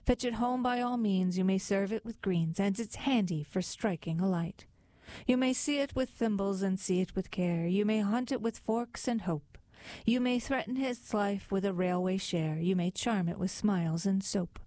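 A woman's voice: medium pitch, moderate pace, dark tone, no echo, lightly acted. A woman voicing a timid, tearful male baker in a storybook poem, anxious and plaintive.

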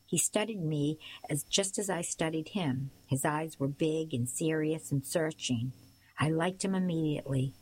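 A woman giving a measured first-person audiobook narration of a story. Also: sits low, darkish tone, husky, poor audio.

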